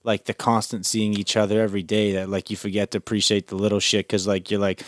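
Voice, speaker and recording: A man's voice: on the low side, little pitch movement, fast talker, hardly any pauses, no room sound, studio quality. A young man hosting a podcast, chatting in a laid-back way with lots of filler words. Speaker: podcast host. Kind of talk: casual chat.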